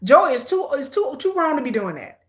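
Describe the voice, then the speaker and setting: Sassy high-voiced woman reacting to TV. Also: sing-song, fairly quick. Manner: sassy, laughing, talks back at the screen. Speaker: reaction host. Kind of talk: casual live reaction commentary.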